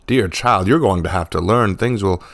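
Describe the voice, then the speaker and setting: A man voicing a calm, gentle wandering monk who speaks slowly and softly. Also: low-pitched. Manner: slow, calm, soft-spoken.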